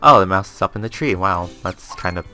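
Bright-voiced gamer rambling along. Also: male voice, sits low, expressive, fairly quick, soft background music. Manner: rambling and self-amused, chats to himself. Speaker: gaming channel host. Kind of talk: casual let's-play commentary.

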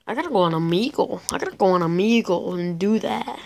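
A woman's voice: mid-range voice, expressive, brisk, creaky, hardly any pauses, a little mellow, a little hiss or hum, poor audio. A teenage girl chatting casually while playing a video game, rambling and mocking herself as she goes. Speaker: gameplay commentator. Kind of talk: casual gameplay commentary.

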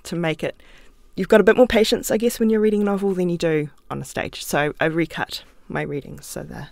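A gravelly-voiced woman from New Zealand, an author and playwright, appears as a guest on a podcast, speaking into a studio microphone in a dry-sounding studio. Her pitch sits fairly low and her tone stays steady as she talks fairly quickly with hardly any pauses. It's a casual conversational interview, and she comes across as thoughtful and chatty, laughing easily and talking with her hands.

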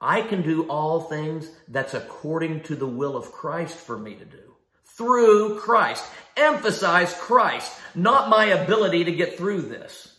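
A man's voice: a little high, animated, a little slow, hardly any pauses, sharp tone, reverberant. A man preaching a sermon in an emphatic style, asking rhetorical questions and repeating key phrases. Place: church sanctuary.

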